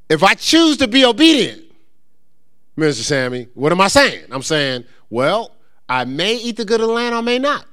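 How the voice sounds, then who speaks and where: A male pastor preaching a conversational sermon, joking with the congregation and stumbling into quick repeats and restarts. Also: on the high side. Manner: lively, joking asides to the congregation.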